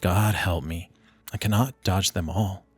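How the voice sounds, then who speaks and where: A man voicing a hunted fugitive who thinks through his escape in measured, inward speech. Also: sits low, fairly even intonation, breathy edge, no echo, soft background music. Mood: tense reasoning. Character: hunted male fugitive reasoning in desperation.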